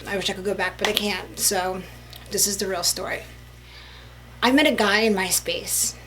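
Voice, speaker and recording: A woman at an ordinary middle pitch tells a personal story to camera in a casual vlog. She talks in a loose, chatty way, filling her lines with "like" and "you know" as she relives it. A faint hum sits under the recording. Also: normal speed. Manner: chatty, lots of "like" and "you know", animated retelling. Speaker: vlogger.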